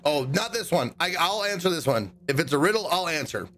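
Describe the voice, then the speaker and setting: A man streams a game and chats casually, thinking aloud with stops and restarts. His voice is high for a man and bounces around. Faint noise sits behind him. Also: very animated, fairly quick, fairly bright tone. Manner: thinking aloud, hesitant, self-correcting. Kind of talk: casual live commentary.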